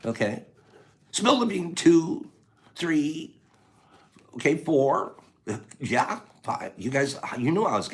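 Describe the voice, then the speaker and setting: A male livestream host chats playfully with viewers and reads their comments aloud, sometimes dropping to a hushed whisper and sometimes bursting into loud laughter. His mid-range voice is expressive, and he talks slowly with frequent pauses.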